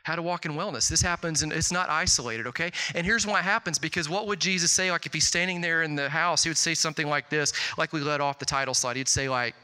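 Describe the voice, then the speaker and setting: A middle-aged man preaching a sermon, telling stories with lots of "like" and jumping up loud and high when he quotes people. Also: fast, few pauses, clear, resonant tone. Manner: animated storytelling, swings loud and high on quotes, filler "like". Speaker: pastor. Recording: long hall reverb.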